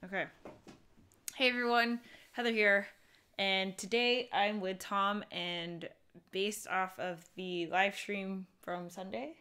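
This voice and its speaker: A woman's voice: mid-range voice, steady tone, slow pace, sharp tone. A young woman hosting a live stream, talking casually and rambling with fillers and restarts. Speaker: vlogger and live-stream host.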